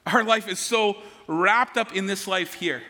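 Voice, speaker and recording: A man's voice: high-pitched, unhurried, bright, forceful tone. A man preaching a sermon in an earnest, conversational way, often repeating words as he goes. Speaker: pastor. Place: church sanctuary. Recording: long hall reverb.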